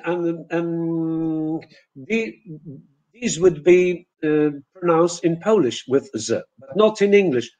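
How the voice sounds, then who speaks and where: A man teaching pronunciation in a webinar, repeating example words one by one with frequent pauses and self-corrections. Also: on the high side, lively intonation, darkish tone, poor audio. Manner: repeats example words slowly to demonstrate sounds. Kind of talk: webinar lesson.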